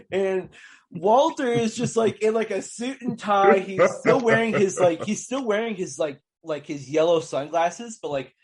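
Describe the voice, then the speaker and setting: A man's voice: sits high, measured pace, breathy edge. A man co-hosting a podcast, chatting casually about a film, with lots of fillers and restarts. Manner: rambling, many fillers and restarts. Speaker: podcast co-host. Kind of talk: casual film review chat.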